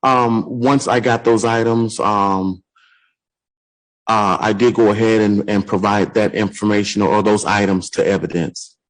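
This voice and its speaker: Low-voiced deputy giving hesitant testimony. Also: male voice, fairly even intonation, unhurried, low-quality recording. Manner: hesitant, formal, answers with "yes, sir". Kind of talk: courtroom testimony.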